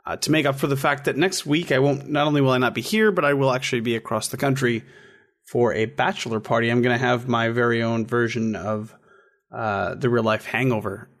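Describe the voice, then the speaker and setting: A man's voice: mid-range voice, steady tone, fairly quick. Man, podcast co-host, casual chat, easygoing, hesitant fillers.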